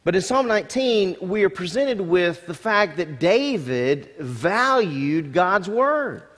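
Man, pastor, sermon, high voice, emphatic, repeats key words, long echoing hall. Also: very animated, slow, a bit bright. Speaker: senior pastor.

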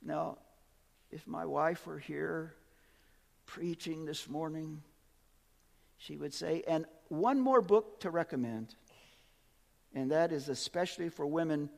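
A man preaching a sermon with emphasis, swinging from quiet asides to loud, lively peaks. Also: a little high, slow pace, gravelly, long pauses, in a large hall.

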